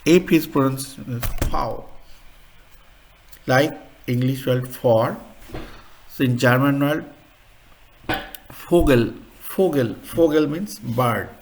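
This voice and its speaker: A man teaching a beginner language lesson, explaining sounds in a halting way and repeating words. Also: medium pitch, a little hiss or hum.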